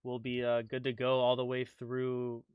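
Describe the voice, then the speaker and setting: A man's voice: medium pitch, completely flat delivery, moderate pace, smooth, no echo, lo-fi sound. Casual upbeat guy game master, repeats himself a lot, super dry recording. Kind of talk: wrapping up a tabletop game session.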